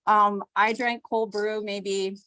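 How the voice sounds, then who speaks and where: A woman's voice: mid-range voice, takes it slowly, no echo. A woman, a business owner and homeschooling mom, giving a chatty, self-deprecating testimonial on a video call. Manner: chatty, self-deprecating, animated quoted voices. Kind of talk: casual testimonial on a group call.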